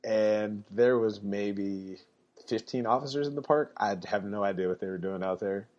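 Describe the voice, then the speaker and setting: A man's voice: on the low side, normal speed, a little mellow, lo-fi sound. A man telling a story in a laid-back way on a podcast, laughing now and then. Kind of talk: casual storytelling.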